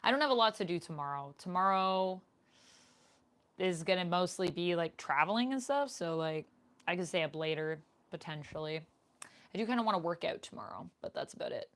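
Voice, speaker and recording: A woman's voice: fairly low pitch, lively intonation, a little fast, fairly bright tone. A young woman streamer chatting casually with her viewers in a live Q&A, reading out their comments as she goes. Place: home room, indoors. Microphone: desk microphone.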